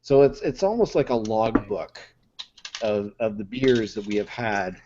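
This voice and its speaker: A man co-hosting a podcast, chatting casually over beer in a hesitant way with many pauses, on muffled lo-fi audio. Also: on the low side, background noise. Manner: hesitant, many ums and restarts. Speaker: podcast co-host.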